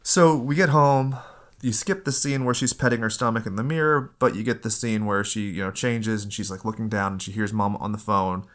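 A man with a somewhat low voice leads a casual film discussion. He talks in an animated, analytical way, chatty and full of asides. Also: fairly quick.

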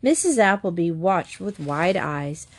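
A woman narrating a children's book aloud in a gentle, even storytelling manner. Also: on the low side, a little slow.

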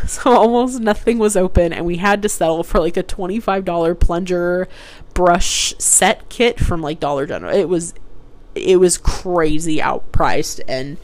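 A young woman rambling through embarrassing personal stories in casual chat, with lots of "like" and restarts. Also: on the low side. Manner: rambling, chatty, heavy use of "like". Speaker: host telling personal stories. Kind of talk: casual storytelling.

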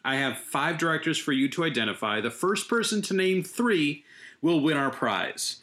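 Relaxed male podcast host. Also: fairly high pitch, moderate pace. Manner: relaxed, explains game rules plainly. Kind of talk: casual podcast hosting.

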